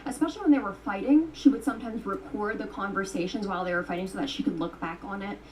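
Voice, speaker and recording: A woman's voice: mid-range voice, quick pace, a little mellow, recorded from a distance, a little hiss or hum, rough recording. Chatty, swearing woman telling a story. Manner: chatty, swears freely, many "like"s. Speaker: storytime vlogger. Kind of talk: casual storytime commentary.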